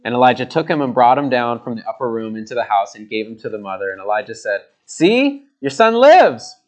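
A man's voice: on the low side, steady tone, fast. A man preaching a sermon, earnest, repeating words for emphasis as he reads and explains scripture.

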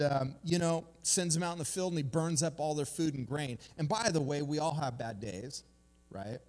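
A man preaching a casual, conversational sermon, telling stories with lively asides to his listeners. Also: medium pitch. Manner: chatty, animated storytelling with "you guys" asides. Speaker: pastor. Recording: long hall reverb.

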